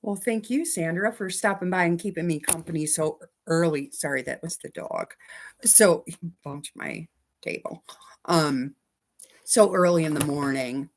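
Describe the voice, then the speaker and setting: Slow, low-voiced woman hosting a quilting stream. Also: a little hiss or hum. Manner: chatty, answers viewer comments and talks to her dog. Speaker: quilting livestream host. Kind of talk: casual livestream chat.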